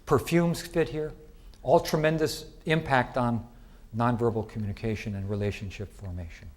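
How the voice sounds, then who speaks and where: A middle-aged man giving a conference lecture in a lively, chatty way, asking the audience questions. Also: mid-range voice, moderate pace. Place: lecture hall.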